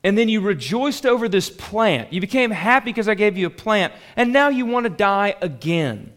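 A preacher voicing God, patiently rebuking. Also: male voice, high voice, big pitch swings, normal speed, a bit bright. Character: God, patient male deity gently rebuking. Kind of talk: sermon.

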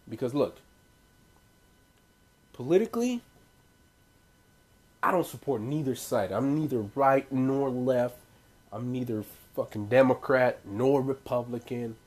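A man's voice: mid-range voice, a little mellow, husky. A man ranting casually to his viewers, loose and profane, with rambling asides and frequent laughs. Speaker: vlogger. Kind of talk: casual profane rant to camera.

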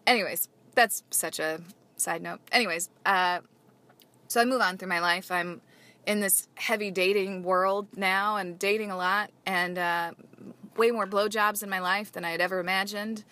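A woman's voice: medium pitch, fairly even intonation, normal speed, sharp tone. A woman telling a frank, comic personal story in casual chat, acting out the people she quotes. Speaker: podcast guest.

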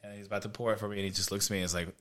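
A man's voice: fairly low pitch, very fast. A young man casually telling a profane party story on a podcast, acting out what other people said. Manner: profane, animated storyteller doing quoted voices. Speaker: podcast guest.

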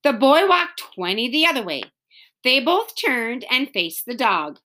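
A woman reads a children's chapter book aloud with expressive storytelling. Her voice is bright and fairly high, and her pitch rises and falls a great deal. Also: a little slow. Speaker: reader.

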